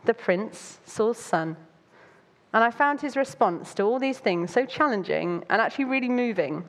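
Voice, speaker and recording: Woman, young, preaching casually, quips and lively asides. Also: medium pitch. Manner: chatty and jokey, with playful asides and bursts of animation. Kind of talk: informal Bible talk.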